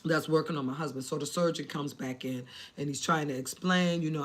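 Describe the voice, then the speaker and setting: A woman vlogger telling a personal story to her viewers, animated and dramatic, acting out the people in it and chatting casually to her audience. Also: deep voice, a little fast, hardly any pauses. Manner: animated, dramatic retelling with acted quotes and asides to viewers; addresses viewers as family, casual slang. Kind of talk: emotional storytelling to camera.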